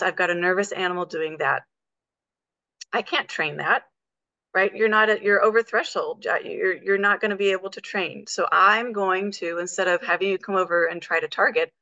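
A woman animal trainer, a podcast guest, who explains in an animated way and talks through step-by-step examples. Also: medium pitch, no room sound, lo-fi sound.

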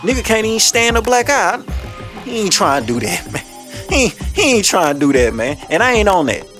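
Faint music sits behind this high-voiced commentary show host, who talks fairly quickly. His rant is blunt and packed with cursing street talk, and he tells his stories with animated energy.

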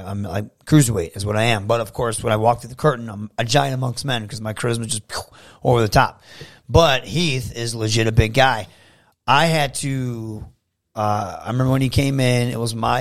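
Podcast guest, male wrestler from Michigan; gravelly, animated storyteller. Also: medium pitch. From Michigan, USA. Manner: animated storyteller, acts out quoted dialogue. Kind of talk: casual podcast chat.

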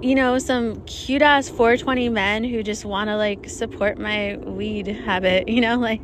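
Young woman, higher voice, chatty and swearing, solo podcast, faint plane noise outdoors. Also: steady tone, a little slow, few pauses. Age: young adult. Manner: chatty, profane, self-mocking, often laughing. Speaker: podcast host. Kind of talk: casual solo podcast monologue. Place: outdoors in the desert, planes passing overhead. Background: passing airplanes.

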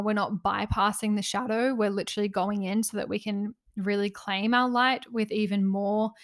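Brief: young woman, passionate spiritual coach, winded and breathy, close mic, mid pitch. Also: fairly bright tone. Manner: earnest, passionate, uses "like" often. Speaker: spiritual coach and podcast host. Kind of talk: casual solo podcast monologue. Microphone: close podcast mic.

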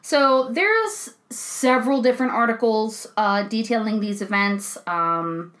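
A young woman in a studio, casually chatting as a podcast co-host, animated and quick to laugh as she acts out what people said. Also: on the high side. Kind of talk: casual chat, storytelling. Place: recording studio.

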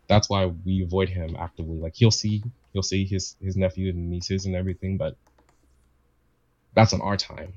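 Casual male storyteller, deep voice, rambling and repetitive, dry lo-fi sound. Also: little pitch movement, normal speed, a little mellow. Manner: rambling, repeats himself, quotes family members. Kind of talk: casual chat, personal story.

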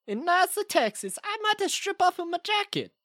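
A man voicing a bumbling, scheming Swedish man in a put-on Swedish accent and broken, halting English. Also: very high-pitched, very animated, a bit bright, no echo, clean studio sound, full character voice. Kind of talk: comedic improvised call-in character.

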